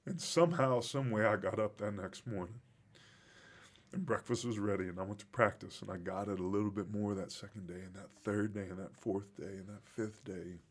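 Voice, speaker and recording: A man in his forties with a fairly low voice tells his life story as a podcast guest. He speaks in a reflective, heartfelt way and lets his emotion show. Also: brisk. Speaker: podcast guest, former pro football player. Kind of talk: interview storytelling.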